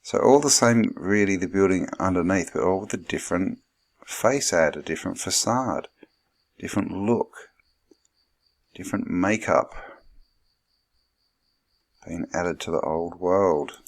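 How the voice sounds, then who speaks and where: A man with a very low, gravelly voice talks through old pictures. His commentary wanders loosely as he thinks aloud, padded with plenty of fillers. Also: a little slow, long pauses. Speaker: channel host. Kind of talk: musing commentary over old photographs.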